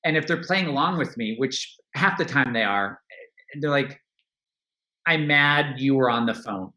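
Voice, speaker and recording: A man's voice: medium pitch, lively intonation, measured pace, bright, forceful tone, roomy sound. A man speaking as a podcast guest, talking candidly and reflectively about his own life, often restarting and laughing. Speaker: podcast guest, money coach. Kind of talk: casual interview talk.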